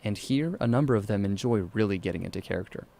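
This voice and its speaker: A man narrating a scripted radio news feature as a reporter, in a measured, even delivery. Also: lowish voice, gravelly.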